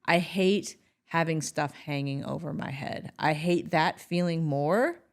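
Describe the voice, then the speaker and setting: A middle-aged woman co-hosting a casual talk show, chatty with quick asides and frequent laughs. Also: low-pitched. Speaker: podcast co-host. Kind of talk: casual chat.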